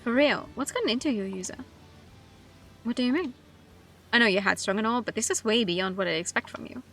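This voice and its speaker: A blunt, skeptical young man from a mystery game, read aloud by a woman. He speaks casually and bluntly, in a fairly high voice with faint music underneath. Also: fairly quick, a bit bright. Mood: doubtful.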